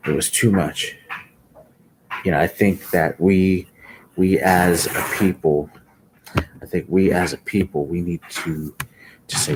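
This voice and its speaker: A very deep-voiced man, talking slowly in a live stream. He sounds sleepy and halting and repeats his words as he goes. There is a faint hum of noise behind him. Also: steady tone. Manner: slow, halting, repeats himself. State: sleepy, yawning. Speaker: livestream commentator. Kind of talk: live commentary.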